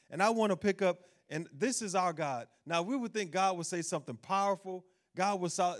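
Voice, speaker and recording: A man with a high-pitched voice delivers a sermon as pastor. He preaches animatedly, turning to speak to the people watching online. He reads scripture out loud with strong emphasis.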